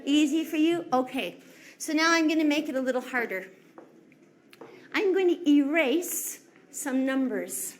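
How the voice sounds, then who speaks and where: A woman teacher leading a class in counting games, slow, sing-song and encouraging. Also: high voice, animated. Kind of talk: classroom instruction.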